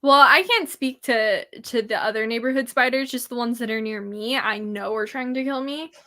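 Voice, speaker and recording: A woman's voice: a little high, moderate pace, bright, forceful tone. A young woman from California, a guest in a casual chat who exaggerates everything for comic effect. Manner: dramatic, playfully exaggerated.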